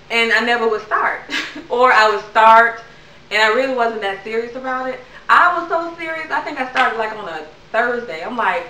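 Bright-voiced chatty woman in echoey room. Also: fairly high pitch, fairly quick, distant mic, a little hiss or hum. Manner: chatty, rambling, many ums. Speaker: vlogger. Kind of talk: casual chat to camera.

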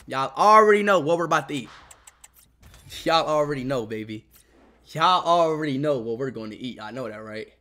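A young man livestreaming in casual chatter, repeating himself to chat, swinging between tired mumbling and loud shouts, hungry and drained. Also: medium pitch, lively intonation, normal speed. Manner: repeats phrases over and over, talks to chat.

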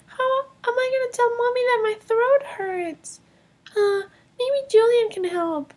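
A woman voicing a worried little girl in a toy film, speaking in a high, childlike way. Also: a little slow. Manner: worried and pleading. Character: little girl who has lost her voice.

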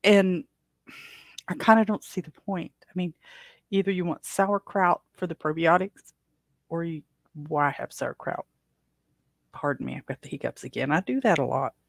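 A woman's voice: lowish voice, moderate pace, vocal fry, no echo. A woman from the United States hosting her own podcast, chatting casually on her own and rambling with many fillers and restarts. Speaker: podcast host. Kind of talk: casual solo chat.

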